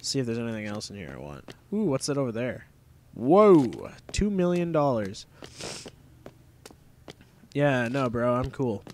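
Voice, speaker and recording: A man's voice: mid-range voice, very animated, normal speed, pauses often, a little mellow, a little hiss or hum. Young man rambling over gameplay. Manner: rambling, swears casually, easily annoyed. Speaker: gameplay commentator. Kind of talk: casual let's-play commentary.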